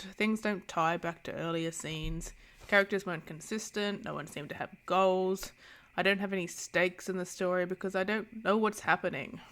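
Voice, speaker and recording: A woman talks through a novel in a casual review vlog, blunt and sarcastic, with animated asides. Her voice is low-pitched and gravelly with steady vocal fry. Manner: candid, sarcastic, animated commentary. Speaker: book reviewer.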